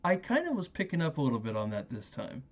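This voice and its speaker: A man's voice: on the high side, wildly swooping pitch, fast talker. Male podcast host, casual laughing film recap, lo-fi dull audio. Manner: laughing, acts out movie quotes.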